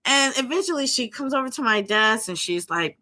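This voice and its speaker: A woman's voice: high-pitched, brisk. A woman co-hosting a podcast, telling a personal story in casual chat and acting out the people in it. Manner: animated, acts out quoted voices. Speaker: podcast co-host, mental health professional.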